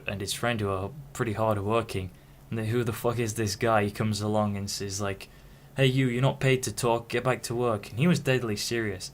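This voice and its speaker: A man's voice: on the low side, slight background noise. A young man from Hull talking frankly to camera in a rambling monologue, often stopping and restarting his sentences. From Hull, England. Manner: frank, halting, many restarts. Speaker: vlogger.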